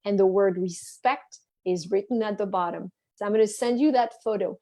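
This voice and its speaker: A woman's voice: mid-range voice, normal speed. A French woman with a French accent, a travel writer chatting as a guest over a video call and acting out the people in her stories. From France. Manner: animated storyteller who acts out the people she quotes.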